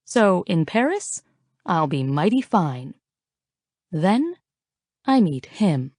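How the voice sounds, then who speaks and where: A woman reads a first-person romance audiobook with a playful, flirty, teasing lilt. Her voice sits on the low side. The recording is dry and close, as if made in a booth. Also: sing-song, slow pace, darkish tone, no echo. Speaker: audiobook narrator.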